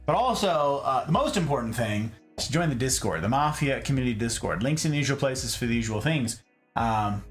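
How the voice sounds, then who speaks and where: A young man hosting a casual livestream, joking with chat and greeting viewers by name while doing chores. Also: fairly high pitch. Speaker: livestream host. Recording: echoey room with music underneath.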